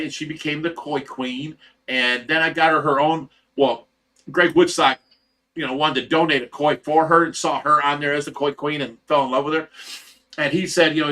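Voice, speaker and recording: Bright-voiced man telling stories. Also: on the high side. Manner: animated, laughs while telling stories. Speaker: fish rescue livestream host. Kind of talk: casual storytelling to a live chat.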